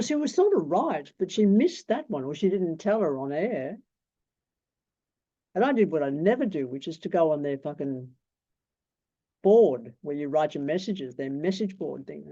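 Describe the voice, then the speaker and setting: In a dull lo-fi recording, a man from Australia in his 60s gives casual tarot teaching, rambling, blunt and free with swear words. His voice runs on the high side and sounds warm.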